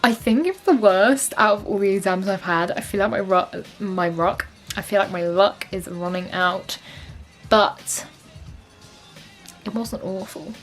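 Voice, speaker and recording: A woman's voice: mid-range voice, a little slow, soft background music. A young woman, talking casually to camera in a rambling, chatty way full of fillers. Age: young adult. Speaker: vlogger. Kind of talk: casual vlog chat.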